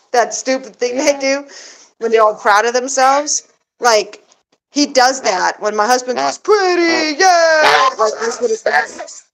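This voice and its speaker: A woman's voice: a little hiss or hum, low-quality recording. Chatty woman rambling with many fillers. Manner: rambling, filler-heavy, coos at her pet in a high baby voice. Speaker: pet goose owner vlogger. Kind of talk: casual chat to camera. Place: backyard outdoors.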